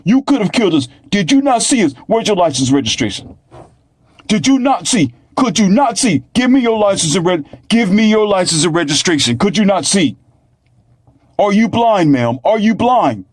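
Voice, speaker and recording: Man imitating an angry cop, shouting, high strained voice, repetitive questions. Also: sing-song, moderate pace, no echo. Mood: furious. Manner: shouting, repeats the same furious questions. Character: angry shouting male police officer.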